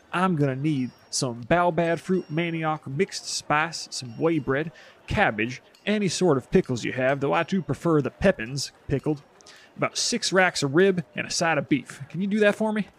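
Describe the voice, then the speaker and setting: Casting: a man doing a slick, flattering bargain-hunter, tabletop game, slightly higher voice. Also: normal speed. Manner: oily flattering salesman patter. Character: smooth-talking flattering male cook bargaining.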